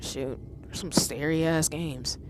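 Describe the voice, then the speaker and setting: A woman in her thirties streaming a game live, reacting with loud exclamations and chatting with her viewers. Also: sits low, fairly even intonation, slow pace, very noisy. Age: 30s.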